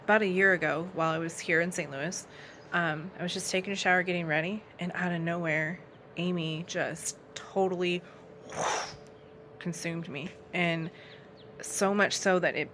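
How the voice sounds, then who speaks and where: Brief: low-pitched young woman, earnest conversational faith testimony. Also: fairly bright tone, slight background noise. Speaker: outreach ministry founder.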